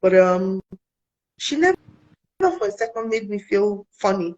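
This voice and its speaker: The recording is muffled, and the mid-range voice is a little slow. A young woman from Africa, interviewed casually as a guest, earnestly recounts a personal story, animatedly quoting people and acting out their conversations.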